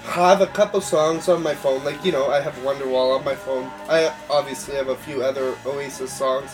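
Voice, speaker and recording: A man's voice: medium pitch, fairly even intonation, moderate pace. A man hosting a podcast, chatting casually about music and rambling through stories, swearing now and then. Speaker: podcast host.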